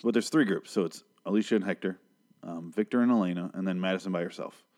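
A young man casually recapping a TV episode, rambling and sarcastic, swearing freely and slipping into quick mock voices for the characters. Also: low voice, a little mellow.

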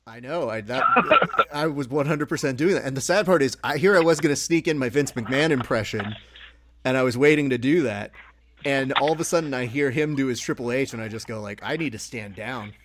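A man's voice: mid-range voice, brisk, noisy background. A man hosting a podcast, chatting casually and joking wryly. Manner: joking, wry. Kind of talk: casual chat.

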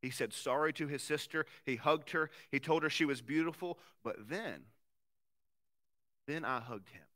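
A male pastor in his thirties delivers a sermon in a bright, forward voice that sits a little high for a man. He preaches with earnest conviction, pressing hard on some lines and dropping to near-hushed softness on others. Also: moderate pace. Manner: earnest, swinging from forceful to very soft.

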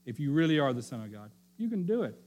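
A man voicing the devil as a sly, taunting male tempter who repeats his dares slowly in a sermon. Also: mid-range voice, very animated, darkish tone, natural voice. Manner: slow mocking challenge, repeated dares.

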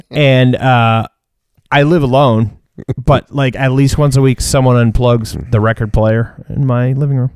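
Smooth-voiced man with deadpan quips. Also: medium pitch, no room sound, clean studio sound. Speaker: co-host. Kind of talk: casual comedic chat.

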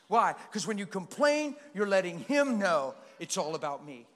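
A man preaching a sermon in a passionate, animated way, with sudden loud bursts. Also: high voice, normal speed, hardly any pauses, big-room sound.

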